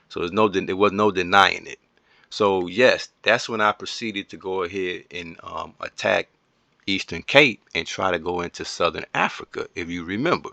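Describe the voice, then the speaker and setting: A man recording commentary on a strategy game at home, excitable and rambling, talking straight to his viewers. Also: deep voice, gravelly, no echo.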